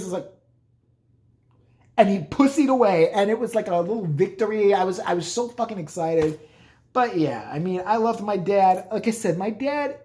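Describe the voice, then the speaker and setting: A man's voice: sits high, darkish tone. Profane, joking man telling stories. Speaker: vlogger. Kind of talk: casual storytelling.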